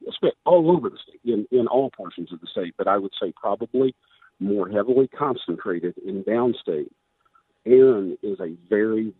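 Hoarse man on a tinny phone line. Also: lowish voice, no echo. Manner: emphatic, persuasive, with many restarts. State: losing his voice. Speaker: candidate for governor. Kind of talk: radio interview.

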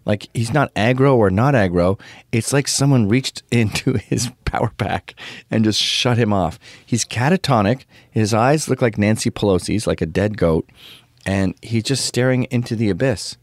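A man's voice: fairly low pitch, moderate pace, no echo. A middle-aged man hosting his own show, telling crude stories in a ranting casual monologue. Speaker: show host.

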